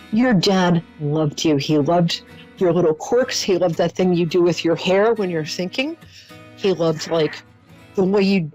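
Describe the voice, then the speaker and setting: A woman's voice: on the low side, normal speed, warm tone, faint music behind, rough recording. A middle-aged woman hosting a call-in psychic reading, talking earnestly and reassuringly with endearments and open emotion. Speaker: psychic host. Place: studio.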